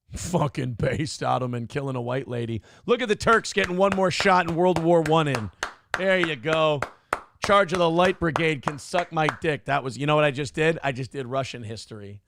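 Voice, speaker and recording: Brief: male morning-show co-host, gravelly and fairly high-voiced, swearing and joking through casual banter. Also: normal speed, background noise. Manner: profane, joking, animated riffing.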